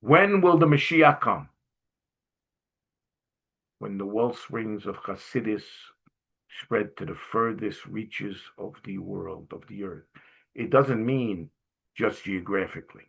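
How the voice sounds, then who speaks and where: Jovial husky-voiced Brooklyn man telling stories. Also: on the low side, slow, pauses often. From Brooklyn, New York. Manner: jovial, animated storyteller; frequent throat clearing. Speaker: guest speaker. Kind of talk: storytelling talk to a class.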